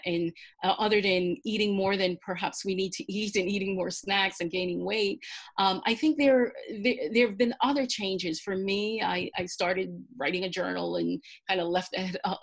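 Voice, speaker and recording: A woman from Belize speaking as a guest on a webinar video call, then reciting a spoken-word poem with slow, dramatic emphasis. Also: medium pitch.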